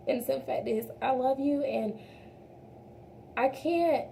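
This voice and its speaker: A young woman with a mellow, somewhat high voice and a gravelly fry talks casually through a makeup routine. She chats straight to her viewers, calls them y'all, and often trails off and starts over. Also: measured pace, slight background noise. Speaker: beauty vlogger. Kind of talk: casual makeup tutorial chat.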